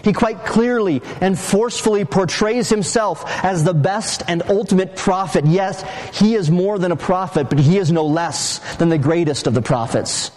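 Man, preacher, expository sermon, emphatic, teacherly, fairly high-pitched. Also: darkish tone, a little hiss or hum, low-quality recording. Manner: emphatic, teacherly, with slow stressed phrases and quick asides.

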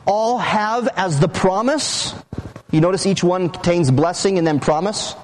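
Man preacher, slightly higher voice, emphatic teaching sermon, slows to stress key words. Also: darkish tone, rough recording. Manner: emphatic, teacherly, with slow stressed phrases and quick asides. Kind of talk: expository sermon.

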